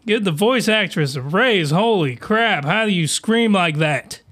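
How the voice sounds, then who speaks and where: A man hosting a podcast, giving crude, animated reaction commentary that often rises into excited yelling. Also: high voice, unhurried. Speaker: podcast host.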